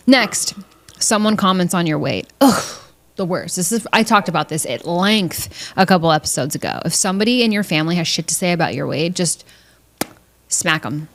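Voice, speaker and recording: Woman, low-ish voice, casual podcast host, blunt, swears, jokey asides. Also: expressive, normal speed. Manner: blunt, profane, jokey, mimics family members in high voices. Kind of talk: casual solo podcast monologue.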